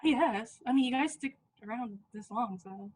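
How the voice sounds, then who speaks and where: A woman's voice: a little high, moderate pace, a little mellow, slightly rough. A woman in her twenties hosting a podcast, chatting casually, laughing often and swearing freely. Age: 20s. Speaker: podcast host. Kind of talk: casual chat.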